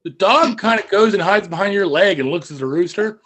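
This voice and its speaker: A man narrating as game master of a tabletop game over voice chat, wry and relaxed, often stopping to restart a sentence. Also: high-pitched, a little fast.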